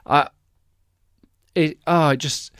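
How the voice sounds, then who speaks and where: A man's voice: fairly high pitch, steady tone, slow pace, a bit bright, clean tone, dry recording, studio quality. A man hosting a solo podcast, commenting on the news in a sarcastic, profane, conversational way. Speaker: podcast host.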